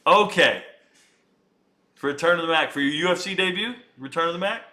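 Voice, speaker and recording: A man's voice: fairly high pitch, fairly quick, pushed and bright. A man casually chatting and joking with his viewers while he reacts live to a fight.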